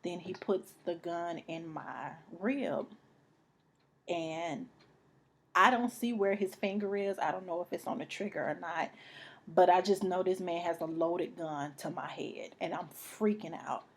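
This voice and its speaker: A young woman telling a personal story to camera, halting and emotional, repeating herself and sometimes dropping to a near whisper. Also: fairly low pitch. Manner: repeats phrases, many restarts.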